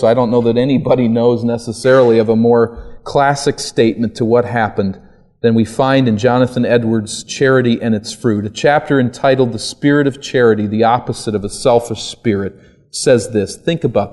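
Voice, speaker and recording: Male preacher, mid-pitched, sermon delivery that climbs to emphatic peaks. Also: dark tone. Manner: rhetorical questions, rising to emphatic peaks.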